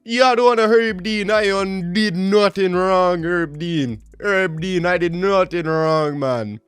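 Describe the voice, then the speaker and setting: A man's voice: slow pace, fairly bright tone, smooth, dry recording. A man doing a whiny fighter in mock Jamaican. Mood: pleading. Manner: high, pleading, mocking. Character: whiny male fighter insisting he did nothing wrong.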